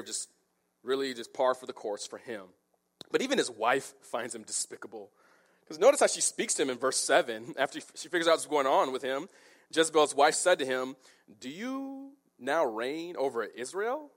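A man preaching an expository sermon in a conversational, animated way with quick asides. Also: mid-range voice.

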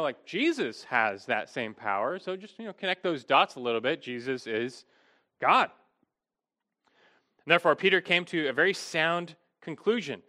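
A middle-aged man preaching with an earnest, emphatic delivery and a slightly raised pitch. His voice swings widely and rings with a bright, forceful edge. He restarts phrases often as he presses his points. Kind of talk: expository sermon.

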